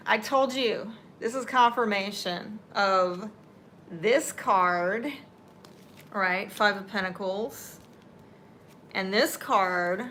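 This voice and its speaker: A woman's voice: fairly high pitch, sharp tone, a little hiss or hum. A woman giving a live tarot reading, talking unhurriedly and reassuringly straight to the viewer, with teary eyes. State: teary-eyed. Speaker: tarot reader.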